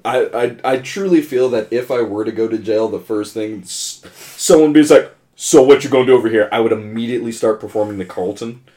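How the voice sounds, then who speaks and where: A young man co-hosting a casual podcast, animated and quick to laugh, who does voice acting and slips into put-on deep voices. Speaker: podcast co-host, voice actor.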